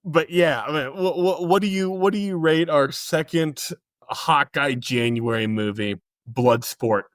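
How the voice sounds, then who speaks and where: A man's voice: a little high, a little slow, no echo, studio quality. A man co-hosting a movie podcast in casual chat, with a blunt, teasing manner. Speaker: podcast co-host.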